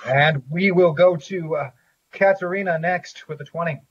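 A man narrating as game master, describing scenes and rulings in a measured way with frequent pauses. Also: on the high side, breathy edge. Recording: dull lo-fi audio.

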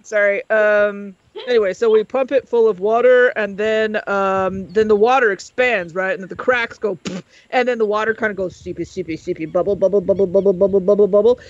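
A man's voice: high voice, fairly even intonation, normal speed, no room sound, natural voice. A man voicing a rambling male professor scientist with a put-on Southern drawl, explaining things earnestly in a tabletop game. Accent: American Southern (put on). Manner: earnest, rambling, sound effects. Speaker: player. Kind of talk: in-character tabletop monologue. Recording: dull lo-fi audio.

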